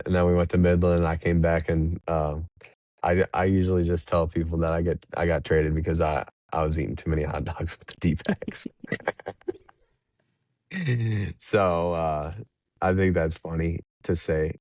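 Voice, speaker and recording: Deep-voiced young man telling stories. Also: darkish tone, no room sound, studio quality. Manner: laid-back, rambling, laughs between anecdotes. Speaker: professional baseball pitcher, podcast guest. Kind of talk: casual interview storytelling.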